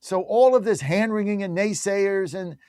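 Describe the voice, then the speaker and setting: A man's voice: sits high, moderate pace, a little mellow, smooth, no echo, studio quality. A man hosting a talk radio show, delivering an emphatic, combative monologue with lots of repetition.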